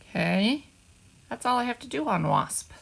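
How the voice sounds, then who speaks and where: A woman's voice: on the high side, expressive, gravelly, a bit bright, husky. A woman teacher giving a patient phonics lesson to second graders, asking them to repeat words after her. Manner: slow, patient, asks children to echo words. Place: at home, away from school.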